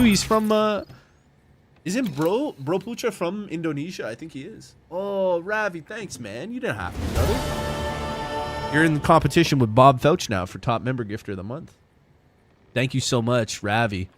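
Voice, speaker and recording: Excitable slangy young man streaming. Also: a little high, measured pace, soft background music. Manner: loose, excitable, slangy, chatting to viewers. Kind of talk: casual live-stream chat.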